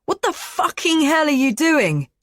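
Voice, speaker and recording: A woman's voice: deep voice, normal speed, no echo, clean studio sound, lightly acted. Woman voicing a sweary young man. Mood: shouting, furious. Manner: shouting, sweary, then coaxing. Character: angry young male neighbour, blunt and swearing.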